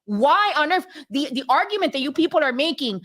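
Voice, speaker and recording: A woman's voice: sits high, big pitch swings, a little fast, fairly bright tone. A woman co-hosting a political podcast, ranting in heated casual talk with slang. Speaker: podcast co-host.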